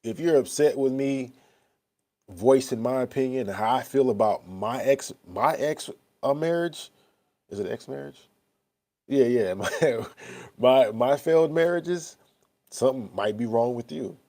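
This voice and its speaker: A man's voice: mid-range voice, measured pace, dark tone. A man in his thirties talking candidly to his viewers, rambling and blunt, swearing and often asking "you know what I'm saying.". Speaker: vlogger. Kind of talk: casual talk to camera.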